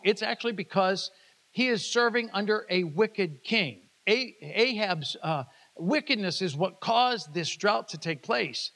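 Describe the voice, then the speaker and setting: High-voiced preacher in a reverberant hall. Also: male voice, fairly bright tone. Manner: retells scripture in casual paraphrase, calls on congregation to repeat. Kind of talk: sermon.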